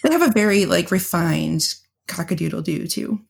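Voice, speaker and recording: A woman's voice: on the low side, lively intonation, moderate pace. A woman co-hosting a podcast, telling blunt, profane stories in casual chat and often laughing. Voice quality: gravelly, husky. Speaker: podcast co-host.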